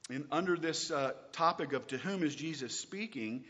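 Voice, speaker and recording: A man teaching a recorded Bible lesson, asking his listeners questions and reading verses out slowly and with weight. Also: on the high side, in a large hall, dull audio. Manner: lively, asks rhetorical questions, reads scripture slowly.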